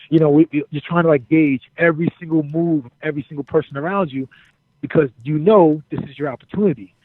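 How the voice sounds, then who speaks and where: Animated man telling a story over a tinny line. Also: on the high side, quick pace, no room sound. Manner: animated, acts out quotes, swears freely. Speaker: interview guest, former wrestler. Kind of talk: casual storytelling.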